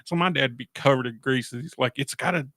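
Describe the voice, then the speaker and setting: A man, a radio guest telling animated stories in a casual chat and chuckling as he goes. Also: mid-range voice, fairly quick, no echo, clean studio sound.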